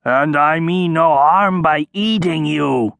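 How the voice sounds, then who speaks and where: A man voicing a huge, angry female troll who booms slowly and menacingly. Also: vocal fry, fairly bright tone, dry recording, heavily acted. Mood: mocking. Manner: booming, slow and menacing.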